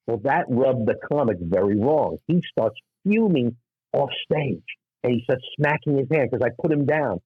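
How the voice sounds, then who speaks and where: A middle-aged man from New York, a stand-up comic telling anecdotes in an animated way and acting out the people in them. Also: medium pitch, husky, no room sound, narrow, tinny audio. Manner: acts out voices in anecdotes, quick asides. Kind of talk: animated storytelling.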